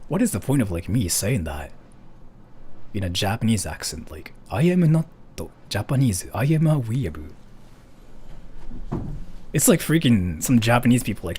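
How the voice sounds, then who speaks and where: Animated, rambling male streamer. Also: medium pitch. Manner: rambling, filler-heavy, swears casually. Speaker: streamer reading donations. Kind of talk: casual livestream chat.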